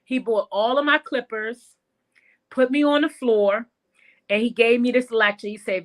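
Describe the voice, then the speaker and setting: A woman who owns a salon, telling her story in a casual interview in an animated way. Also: fairly high pitch, a little slow. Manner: animated storyteller, calls the host girl. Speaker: salon owner and guest.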